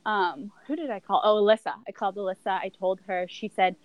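A woman's voice: medium pitch, fast talker, no room sound, muffled recording. Young woman guest, candid storyteller, loose and rambling with fillers, dry close sound. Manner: rambling, many fillers and restarts.

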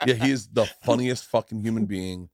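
A man's voice: fairly quick, no echo, studio quality. A man in his forties hosting a podcast, chatting casually, swearing freely and acting out quotes in a raised voice. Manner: profane, animated, acts out quotes in high voices. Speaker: podcast host, comedian. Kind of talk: casual chat, storytelling.

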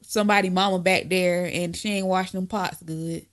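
A woman in her twenties co-hosting a podcast, telling loud, profane stories full of mocking impressions. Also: fairly low pitch, fairly even intonation, normal speed. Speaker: podcast co-host. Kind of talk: casual chat.

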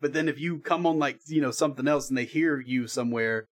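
A man's voice: mid-range voice, fast. A man who works as a freelance voice actor, talking as a guest in a casual podcast chat, rambling and laid-back and swearing now and then.

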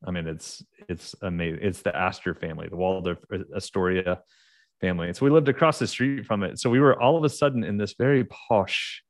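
A middle-aged man with an Oklahoma accent speaks as a podcast guest, his voice sitting on the low side. He rambles through his stories, restarting sentences and leaning on fillers. The sound is dry and close to the mic. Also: fairly quick, no room sound. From United States. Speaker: podcast guest, leadership author. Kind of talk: casual interview storytelling.

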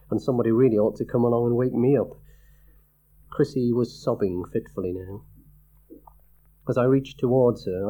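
A low-voiced man narrates a first-person horror story in an audiobook style. His tone is dark and mellow, and he reads with dramatic tension, jumping high in pitch when he voices frightened or screaming characters.

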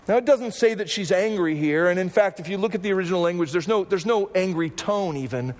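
A man's voice: high-pitched, fast, few pauses, long reverb tail. A male pastor preaching a sermon, repeating phrases and tossing in "right?" asides.

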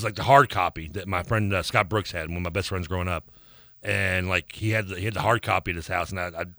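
A man co-hosting a sports radio show in casual banter, rambling and restarting his sentences, quick to laugh. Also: lowish voice, pushed and bright, dry recording, clean studio sound. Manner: rambling, self-interrupting, laughs easily.

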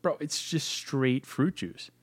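A man's voice: mid-range voice, animated, takes it slowly, husky. A man from Virginia co-hosting a casual beer tasting chat, joking and rambling, swearing casually. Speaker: beer review podcast co-host.

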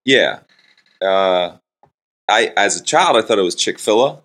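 A man's voice: on the low side, expressive, a little slow, fairly bright tone. A man in his forties from Florida, a hip hop artist and pastor, chatting casually and joking at his own expense in a hotel-room interview. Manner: jokey, self-deprecating, rambling.

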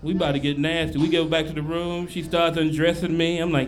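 Loud crude stand-up comic. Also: male voice, on the high side, fairly quick. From Memphis. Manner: loud, crude, animated storytelling. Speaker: stand-up comedian. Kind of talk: stand-up routine. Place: comedy club stage before a live audience. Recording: live club recording with noise.

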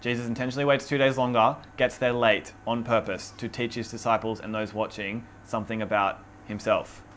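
A man leading an informal Bible study, teaching in a relaxed, chatty way with many fillers. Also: medium pitch, fairly quick, hardly any pauses, a little hiss or hum. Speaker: youth group or Bible study leader. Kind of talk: casual conversational teaching on scripture.

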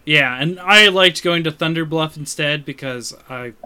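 Bright clear-voiced man chatting casually. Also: a little high, measured pace. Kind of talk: casual gaming chat. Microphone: video call. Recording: online call, connection glitches.

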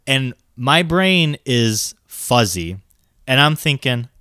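A young man casually telling a story to a friend, shouting out the lines he quotes. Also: mid-range voice, slow pace, clean tone, dry recording. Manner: animated, shouts in acted-out quotes.

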